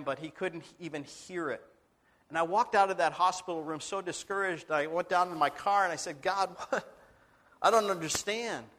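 Pastor, male, high voice, sermon storytelling, voices the people he quotes. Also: a bit bright. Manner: earnest, dramatic retelling with quoted dialogue.

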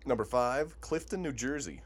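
A man's voice: medium pitch, lively intonation, moderate pace. A man with a Montana accent co-hosting a podcast in casual chat, joking and laughing often. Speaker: podcast co-host.

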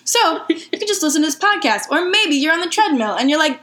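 A young woman co-hosting a casual podcast, telling stories with lively voiced asides. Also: high voice, brisk. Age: young adult. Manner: animated storytelling with voiced asides. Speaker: podcast co-host. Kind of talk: casual chat.

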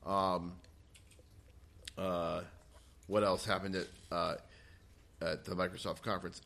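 A man's voice: low-pitched, flat delivery, slow pace, gravelly, pauses often, pushed and bright. A man co-hosting a casual gaming podcast, rambling with many fillers and restarts. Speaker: podcast co-host.

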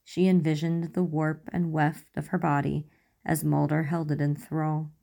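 A woman with a low, dark, mellow voice reads a romance story aloud. Her delivery is measured and soft, steady line by line. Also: vocal fry. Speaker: narrator. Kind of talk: reading romance fan fiction aloud.

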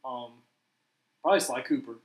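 A young man hosting a casual podcast chat, relaxed and steering topics with questions. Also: mid-range voice, moderate pace. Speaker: podcast host. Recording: echoey room.

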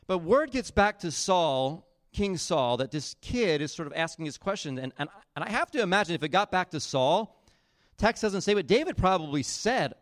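A man preaching a sermon, retelling a Bible story in a casual, animated way with acted-out quotes. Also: high-pitched, normal speed, no echo, studio quality. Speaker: pastor.

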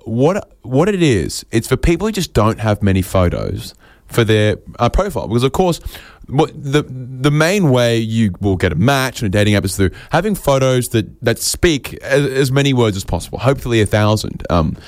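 A man doing an absurd stand-up set, rambling and deadpan, often interrupting himself. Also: mid-range voice, moderate pace, no room sound, clean studio sound. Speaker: stand-up comedian.

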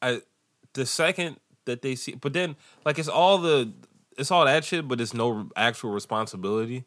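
A man in his thirties, a podcast host, telling animated stories in casual chat and laughing often. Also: medium pitch, moderate pace, no echo, clean studio sound.

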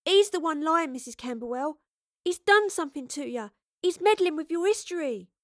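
A woman's voice: a little high, moderate pace, no echo, studio quality, close to an everyday voice. A woman voicing a defiant, streetwise young girl who speaks bluntly and coldly, in an audiobook. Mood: protesting. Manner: blunt, cold, protesting. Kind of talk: audiobook character voice.

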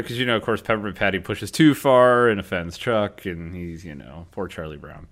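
Animated man chatting casually. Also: low-pitched. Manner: animated, slangy, quick to act out characters' lines. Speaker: podcast co-host. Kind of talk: casual chat.

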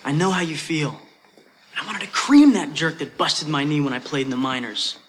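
An actor playing an adult male hockey coach in a film scene, giving his team a steady, earnest pep talk. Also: on the high side, normal speed, slight background noise, lightly acted. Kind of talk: film scene played on a podcast.

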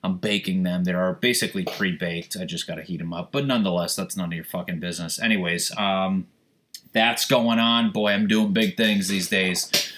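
A man's voice: low voice, steady tone, normal speed. Profane, rambling young male podcast host. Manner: loud, profane, rambling and joking. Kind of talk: casual solo podcast rant. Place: home, seated on a squeaky chair.

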